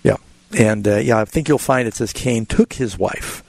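A man, a pastor hosting a call-in radio show, answering Bible questions in a relaxed, explanatory way. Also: on the low side, moderate pace, creaky, no room sound.

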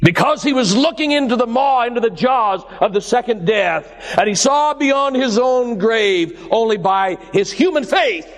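A man preaching a sermon with dramatic swings of pitch and emphasis, calling his listeners "my dears.". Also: animated, normal speed, hardly any pauses. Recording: long hall reverb.

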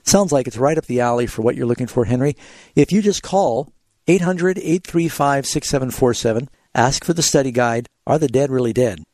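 A man's voice: medium pitch, a little fast, darkish tone, no echo. A man hosting a radio call-in show as a pastor, explaining scripture in a teacherly way and telling short illustrative stories. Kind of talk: radio call-in Bible answers. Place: radio studio.

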